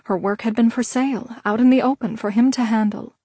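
Brief: female audiobook narrator, measured reading, slightly high pitch, dead-dry booth sound. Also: no echo. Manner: steady, measured storytelling. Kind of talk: scripted narration.

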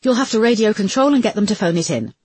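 A woman voicing a pregnant woman detective in labor, her lines high, strained and breathless with pain. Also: lively intonation, fast, darkish tone, breathy edge, no room sound. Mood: urgent. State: in pain, panting.

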